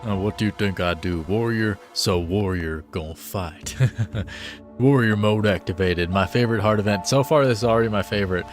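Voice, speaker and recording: A male streamer chatters through a live game session, excitable and playful. His voice sits a bit low, with faint music under it. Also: a little fast. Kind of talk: live game commentary, reading dialogue aloud.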